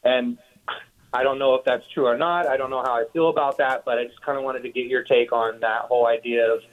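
A man's voice: mid-range voice, steady tone, brisk. A male caller on a thin, narrow telephone line. He asks his question hesitantly and searches for words as he goes. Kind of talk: phoned-in question on a radio show.

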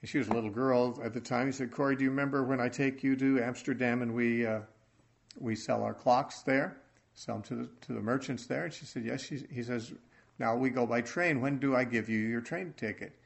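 A man teaching from the Bible in an earnest sermon, speaking haltingly and restarting his phrases often. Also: mid-range voice, fairly even intonation, creaky. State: choked up with emotion.

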